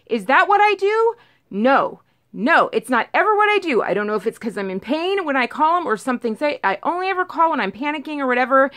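A woman casually telling a storytime on her vlog, rambling and animated, acting out what everyone said. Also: high-pitched, brisk. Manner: rambling, animated retelling full of "like" and acted-out quotes. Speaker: vlogger telling a storytime about her cat.

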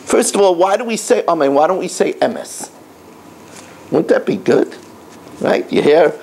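A high, lively male voice that swoops up and down as a middle-aged rabbi preaches to schoolboys. He tells stories and repeats his points for emphasis. His words come slowly, with a gravelly edge. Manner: animated storytelling, emphatic repetition. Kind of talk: sermon to schoolboys.

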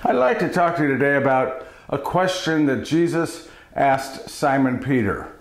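Folksy preacher with an echoey voice. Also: male voice, medium pitch. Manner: folksy, conversational storytelling. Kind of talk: daily spiritual reflection. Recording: roomy echo.

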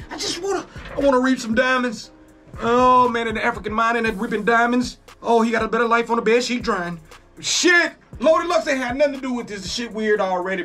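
A man hosting a reaction video, talking casually, excitable and profane, exclaiming often. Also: high-pitched.

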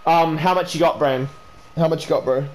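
A young man, a gaming YouTuber, chats casually while pulling a prank during an online trade, stammering, repeating himself and calling the other player "bro" and "man." His voice is a little high with a darkish tone, at a moderate pace.

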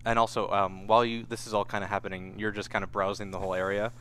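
A man narrating as game master of a tabletop game, in a relaxed, halting way with many fillers. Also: fairly low pitch, slight background noise.

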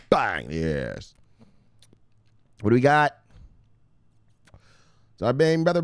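A man hosting a casual crypto news vlog, excitable and profane, with frequent laughing asides. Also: medium pitch, moderate pace, pauses often, smooth, no room sound, clean studio sound. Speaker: host.

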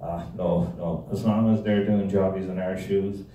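A man's voice: low-pitched, little pitch movement, moderate pace, mellow, highs cut off, a little hiss or hum, natural voice. A man voicing a small, hard-done-by Celtic fan with a put-on Scottish accent, telling a punchline. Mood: wry. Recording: echoey room from far off.

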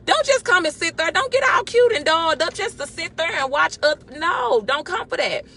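A woman giving a lively, exhorting devotional while driving, recorded on a phone in her car. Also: very high-pitched, normal speed, faint music behind. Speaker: church member giving a devotional. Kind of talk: casual spoken devotional.

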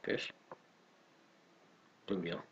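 A man co-hosting a let's play, trading crude, jokey banter in casual gaming chat. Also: drawn-out words. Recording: slightly dull lo-fi audio.

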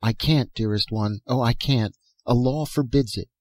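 A man reading aloud and voicing a gentle, mournful young woman from a dream world, speaking tenderly and softly. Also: medium pitch, normal speed, dry recording, voice pushed up, lightly acted. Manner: tender, soft-spoken pleading.

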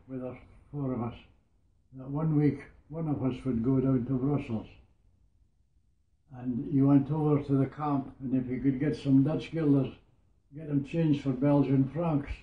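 Old scottish guy in his 90s telling war stories, wanders a bit, thin phone-ish sound in a roomy space. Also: medium pitch. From Scotland. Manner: rambling storyteller, repeats "I says". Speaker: war veteran interviewee. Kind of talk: oral history reminiscence. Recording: echoey, tinny phone-like sound.

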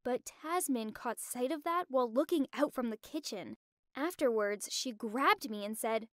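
A young woman narrating a scripted animated story with expressive, dramatic delivery. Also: fairly high pitch, normal speed, no room sound, clean studio sound.

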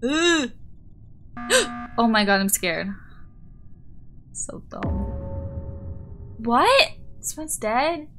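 A woman live streaming as she plays a game, chatting casually with viewers, excitable and giggly, squealing when startled. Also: fairly high pitch, drawn-out words, pauses often, slight background noise.

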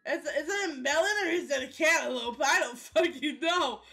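A young woman streaming a game, chatting loosely with her chat, swearing and breaking into loud outbursts and chanted sound effects. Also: high voice, moderate pace. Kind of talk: casual gameplay commentary to chat. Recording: faint music behind the voice.

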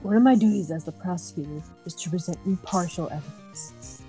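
A woman's voice: on the low side, fairly quick, mellow, soft background music, lightly acted. A woman voicing a formal, self-assured young male prosecutor from a game, with stiff delivery.

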